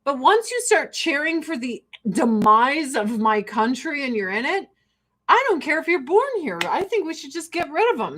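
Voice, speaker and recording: A woman with a fairly high voice, ranting casually and swearing freely. She is sarcastic, laughs through her own points and speaks bluntly. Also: sing-song, normal speed, fairly bright tone. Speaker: podcast host.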